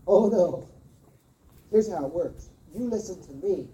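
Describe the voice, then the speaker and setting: A woman pastor giving a sermon, earnest and emphatic, often repeating words and pausing. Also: fairly low pitch, animated, dark tone, recorded from a distance. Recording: roomy sound from off-mic.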